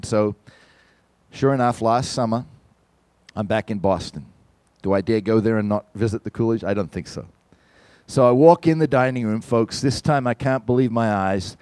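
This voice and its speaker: A man giving a sermon testimony, telling a story with lively, animated delivery and speaking directly to the congregation. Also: fairly low pitch, normal speed, no room sound. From from outside the United States. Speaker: visiting church musician and speaker.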